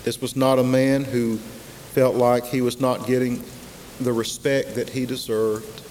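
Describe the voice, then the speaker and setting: A man preaching a sermon, slow and emphatic, with dramatic pauses and repetition. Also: mid-range voice, flat delivery, a little mellow. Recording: long hall reverb, faint hiss.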